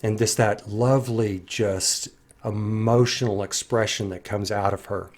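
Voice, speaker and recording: A man's voice: lowish voice, steady tone, a little slow. A man giving a reflective, earnest commentary on a song, often quoting its lyrics aloud and musing over them. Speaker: music commentator.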